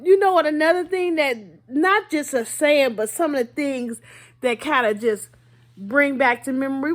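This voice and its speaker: A woman vlogger chatting casually to her viewers, laughing often and asking them rhetorical questions. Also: high-pitched. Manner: playful, laughs often between lines. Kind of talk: casual monologue to camera.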